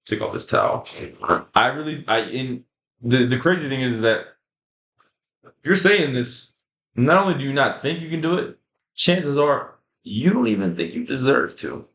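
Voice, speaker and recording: A man's voice: mid-range voice, lively intonation, moderate pace, fairly bright tone. A young man giving a casual, motivational fitness talk over slides. He repeats himself for emphasis and calls the viewers guys and bro. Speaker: fitness creator. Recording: echoey room.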